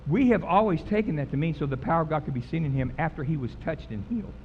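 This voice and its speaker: A man's voice: fairly high pitch, quick pace. A man preaching a sermon in a church, emphatic and folksy, repeating words for effect. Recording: slightly dull recording with faint background noise.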